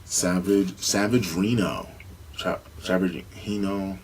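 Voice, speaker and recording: Low-voiced animated male podcast co-host. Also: takes it slowly, slight background noise, low-quality recording. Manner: animated storyteller, acts out quoted voices. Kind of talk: casual chat.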